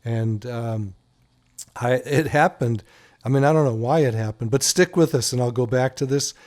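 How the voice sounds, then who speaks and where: A man's voice: mid-range voice, normal speed, darkish tone. A man hosting a talk radio show, joking and telling stories in a casual, playful way. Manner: playful, joking, teasing his co-host. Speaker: radio show host, doctor.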